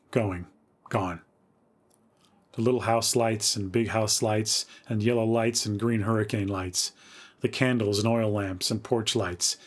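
Low-voiced man reading a spooky tale. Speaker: podcast host reading a story. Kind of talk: dramatic story narration.

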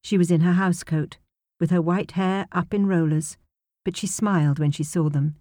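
Female audiobook narrator, lowish mellow voice, measured delivery, dry studio sound. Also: fairly even intonation, no room sound. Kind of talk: scripted narration.

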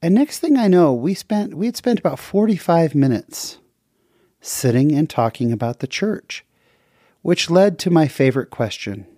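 A man from the western United States hosting a podcast, earnestly retelling a faith story with lively jumps in pitch. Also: moderate pace, no room sound, studio quality. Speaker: podcast host.

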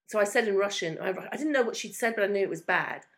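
A British woman co-hosting a podcast, chatting casually and telling quick, self-mocking stories. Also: medium pitch. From Britain. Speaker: co-host. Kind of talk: casual chat.

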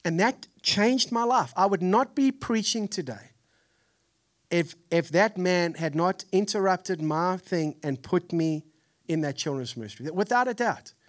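A man in his forties with a Texan accent, preaching a sermon in an animated, storytelling way. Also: sits high, measured pace. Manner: animated storytelling, acts out family voices. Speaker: pastor. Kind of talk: sermon with personal stories.

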